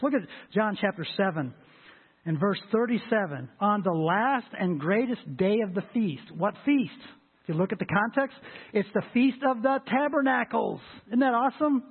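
A man preaching a sermon as pastor, with a husky voice and an emphatic delivery that swells loud and high on scripture. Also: normal speed. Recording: tinny lo-fi phone-like sound.

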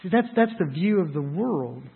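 A male pastor delivers a sermon in a conversational, emphatic way, slipping into quick acted asides. His voice sits high and a little husky. The sound is thin and phone-like, with a long reverb from a large hall. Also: lively intonation.

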